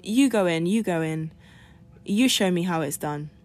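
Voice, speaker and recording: A woman's voice: on the low side, lively intonation, measured pace, a little mellow. A woman voicing a clever, watchful male monkey in a spoken folk tale, with a teasing manner.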